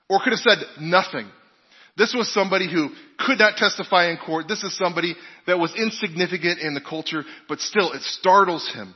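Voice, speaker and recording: A man's voice: high voice, fairly quick, slightly rough. A man preaching a sermon in a conversational way, asking the congregation questions and telling personal stories. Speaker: pastor. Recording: dull recording with long hall reverb.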